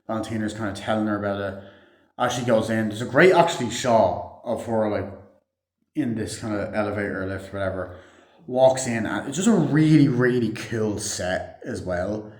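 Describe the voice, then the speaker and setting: A man's voice: on the low side, normal speed, a little mellow. A man giving a casual, rambling movie review, swearing freely and filling his talk with "like" and "um". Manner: rambling, heavy swearing, many fillers. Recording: roomy echo.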